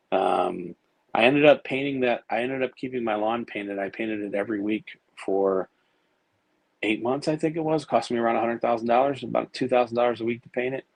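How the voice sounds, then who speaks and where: Low-voiced man telling rambling stories. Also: fairly even intonation, moderate pace, creaky, no echo, low-quality recording. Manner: rambling, profane, many fillers and restarts. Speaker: podcast guest. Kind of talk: casual storytelling.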